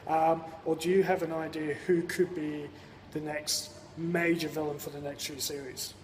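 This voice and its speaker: An Australian man speaks in a chatty, upbeat way, sounding tired but friendly. His voice sits a bit high. It comes from a casual home video with a long echo and a faint hiss behind it. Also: level tone, moderate pace, darkish tone. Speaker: viewer sending a video question.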